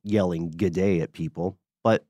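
Low-voiced podcast host reading mail. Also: male voice, a little slow, no room sound. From US South. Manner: relaxed, reads letters aloud with chuckles. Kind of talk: casual chat reading listener mail.

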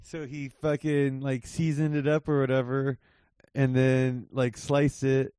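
A mid-pitched man chats as a comedy guest from home over a remote call. He is laid-back and laughs often, dropping casual swears, and the sound is dry. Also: flat delivery, unhurried, mellow, clear, resonant tone, no room sound. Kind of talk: casual chat.

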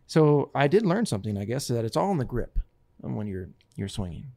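A man casually telling a long story, acting out what others said in lively voices. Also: medium pitch, fairly quick, creaky. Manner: animated, quotes others in lively put-on voices.

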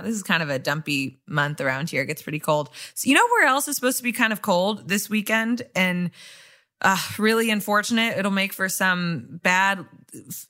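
A woman's voice: medium pitch, pushed and bright. A woman from the American Midwest hosting a podcast in easygoing casual chat, laughing often. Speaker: podcast host.

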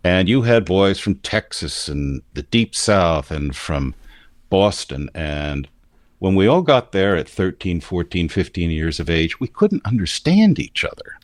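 Man, standard American accent, very low voice, measured explainer, dry close sound. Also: sing-song, dry recording. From United States. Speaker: commentator. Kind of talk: casual discussion.

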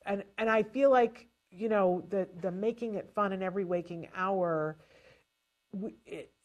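A woman giving parents casual spoken advice in a lively, chatty way, often restarting her sentences. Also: medium pitch, measured pace, lo-fi sound. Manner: animated and chatty, with frequent restarts. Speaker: advisor to parents on child language delay.

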